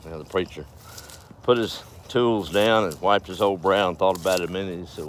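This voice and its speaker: Man, very deep voice, folksy rambling storyteller for a farm livestream. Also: a little fast, a little hiss or hum. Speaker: farm vlogger.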